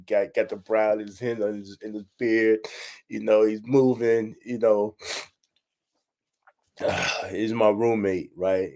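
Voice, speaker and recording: Heartfelt, low-voiced man telling a story. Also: dark tone. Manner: heartfelt, repetitive, addresses listeners directly. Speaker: podcast host. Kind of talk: emotional personal storytelling.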